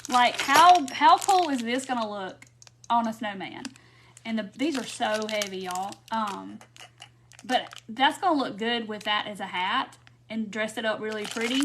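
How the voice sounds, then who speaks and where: Chatty woman, slightly high voice. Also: a bit bright, a little hiss or hum. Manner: chatty, laughs often, answers viewer comments. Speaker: craft tutorial host. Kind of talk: casual live craft demonstration. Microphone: phone or camera mic on a live stream.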